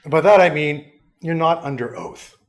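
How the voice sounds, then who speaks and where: Middle-aged male professor, lecturing casually with dry jokes; voice sits a bit high. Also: moderate pace. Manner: conversational, wry and self-mocking asides. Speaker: history professor, guest lecturer. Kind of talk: lecture to a union school.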